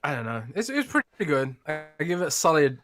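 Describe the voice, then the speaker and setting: A man's voice: on the high side, very animated, fast, over music. A British man co-hosting a casual gaming podcast, laid-back and teasing, laughing often. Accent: British English. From Britain. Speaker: podcast co-host.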